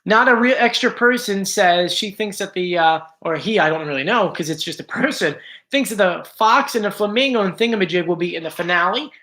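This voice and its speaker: A man's voice: high voice, expressive, a little fast, sharp tone. Male stream host, casual and talkative, reads out viewer names, slightly strained voice, home setup. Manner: chatty, greets viewers by name. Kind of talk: casual live-stream chat.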